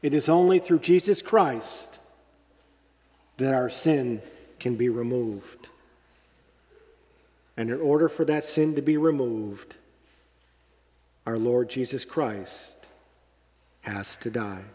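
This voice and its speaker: A man preaching a sermon as pastor, slow and deliberate, lifting his voice on emphatic phrases. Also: mid-range voice, warm tone, in a large hall.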